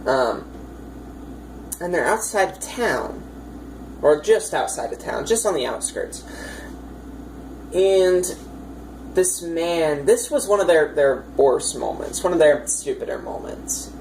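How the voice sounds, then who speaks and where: Low-voiced woman recounting a game. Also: animated, takes it slowly, pauses often, darkish tone, slight background noise, low-quality recording. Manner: chatty, rambling, many fillers, amused. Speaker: dungeon master. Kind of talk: casual storytelling of a tabletop campaign.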